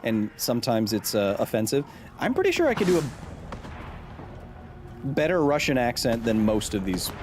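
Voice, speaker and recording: A man's voice: medium pitch, very animated, moderate pace, pauses often, noisy background. A man in his thirties hosting a live gaming stream. He chats, explains science and reads out viewer messages. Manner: chatty, explains science, reads chat aloud; jumpy, yells when startled.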